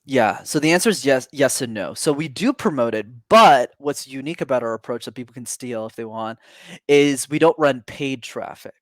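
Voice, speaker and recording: Energetic male coach, dry sound. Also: mid-range voice, dry recording. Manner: fast, energetic explaining with many "like" fillers. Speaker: communication coach, guest. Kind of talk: casual podcast conversation.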